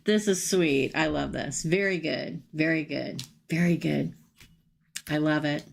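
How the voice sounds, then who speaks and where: A woman's voice: deep voice, unhurried, vocal fry, slight background noise. A middle-aged woman doing live tarot readings, chatty and exclaiming over cards, addressing viewers by name. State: emotional after crying all night. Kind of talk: live-stream tarot reading, casual chat.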